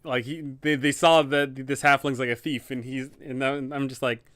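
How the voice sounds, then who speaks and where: Rambling man with a smooth voice. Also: medium pitch, level tone, normal speed, a bit bright, no room sound, clean studio sound. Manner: rambling, lots of fillers and restarts. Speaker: dungeon master and streamer. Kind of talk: casual live Q&A chat.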